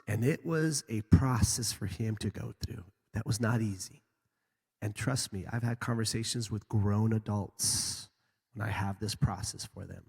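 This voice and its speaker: A man preaching a sermon as a pastor, telling animated stories about his children. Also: unhurried, vocal fry, slightly rough. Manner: animated storytelling, lively swings in pitch. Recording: echoey hall.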